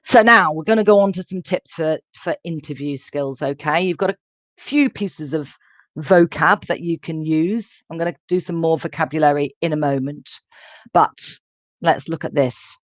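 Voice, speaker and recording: A woman teaching a live online English class, speaking clearly and repeating phrases and questions for her students to follow. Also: low-pitched, moderate pace, dry recording. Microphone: computer microphone in a live online lesson. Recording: dull, dry lo-fi stream audio.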